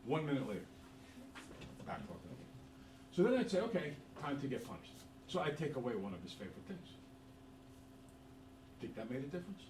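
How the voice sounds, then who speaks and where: A middle-aged man teaching math and drifting into joking stories, his voice rising and falling a lot. He is picked up by a distant camera in a roomy classroom. Steady background noise sits under his voice. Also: medium pitch, fairly quick, pauses often. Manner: joking, animated storyteller. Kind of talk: classroom lecture with storytelling. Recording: echoey room from far off, background noise.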